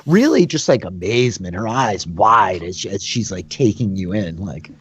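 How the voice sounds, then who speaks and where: Animated, chatty dungeon master man. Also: lowish voice, normal speed, breathy edge. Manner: loose and chatty, filled with "like". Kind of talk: narrating a tabletop game. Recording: dull lo-fi sound in a dry room.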